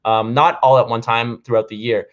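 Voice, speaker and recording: A man's voice: mid-range voice, steady tone, moderate pace. Guy in his 30s rambling at the camera, lots of um and like, mid voice, kinda muffled audio. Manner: rambling, many fillers and restarts. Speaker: vlogger and comedian. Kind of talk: casual chat to camera.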